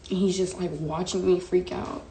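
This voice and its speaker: A woman's voice: lowish voice, little pitch movement, moderate pace, noisy background. A young woman vlogger telling a personal story casually and emotionally, full of slang and fillers. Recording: echoey room.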